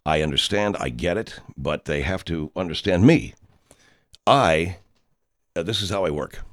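A man's voice: sits low, animated, measured pace. A man playing a pompous, self-important horror film director who rambles through an anecdote and talks about himself in the third person. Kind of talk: comedic character monologue.

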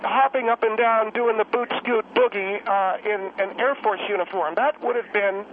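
A prim older lady , put on by a man, comes through a tinny phone line in a very high, strained voice. She scolds and fires off self-righteous questions as a talk radio guest. Her voice is thin and edgy. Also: fairly even intonation, normal speed, slight background noise, natural voice. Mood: indignant. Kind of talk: comic talk-radio role-play.

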